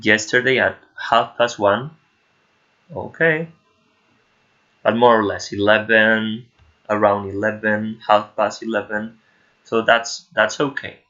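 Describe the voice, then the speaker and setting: A male teacher with a Spanish accent explains grammar slowly and patiently, often stopping to check that his pupils follow. His voice sits a little low. The sound is muffled and lo-fi. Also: steady tone, bright, forceful tone. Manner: patient, repeats "okay?" to check understanding. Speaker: English teacher.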